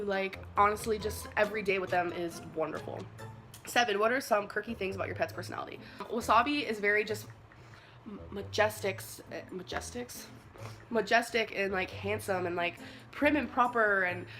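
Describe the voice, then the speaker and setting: A woman's voice: mid-range voice, a bit bright. A young woman vlogger chatting casually to camera, gushing and rambling about her pets with lots of fillers. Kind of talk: casual pet tag chat to camera. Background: background music.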